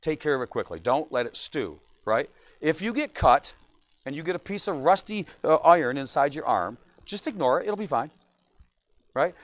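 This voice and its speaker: A man's voice: on the high side, sing-song, moderate pace, no echo. A middle-aged man, a pastor, preaching a sermon in a church, joking often and asking "right?" again and again.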